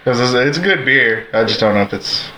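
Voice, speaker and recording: A man's voice: mid-range voice, animated, fairly quick, sharp tone. A man co-hosting a casual podcast, laid-back and sleepy, speaking in short remarks. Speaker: podcast co-host. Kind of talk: casual chat. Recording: echoey room.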